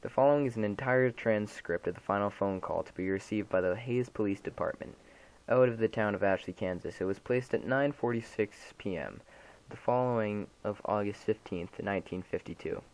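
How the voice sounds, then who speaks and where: Low-voiced man narrating a horror story. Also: brisk, a little mellow, poor audio.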